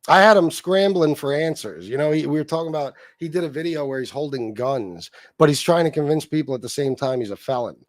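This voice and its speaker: A man's voice: a little high, fairly quick, hardly any pauses, dry recording. Guy ranting on his livestream, cussing a lot, making fun of some dude, dry close sound. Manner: profane, mocking, reads chat comments aloud. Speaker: livestream host. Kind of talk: casual livestream rant.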